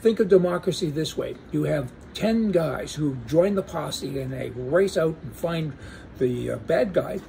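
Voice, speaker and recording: A sarcastic male commentator in a casual monologue, with a folksy, joking delivery. His voice sits a bit high for a man, yet it sounds mellow and dark, with a gravelly rasp. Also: animated, unhurried, slight background noise. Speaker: political commentator.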